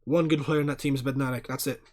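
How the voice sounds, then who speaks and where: A man hosting a football watchalong livestream, giving casual live commentary, chatting to viewers and bursting into loud, sweary outbursts. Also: mid-range voice, quick pace. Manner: excitable, swears a lot, erupts in loud outbursts at fouls; chats to viewers by name, reads chat aloud.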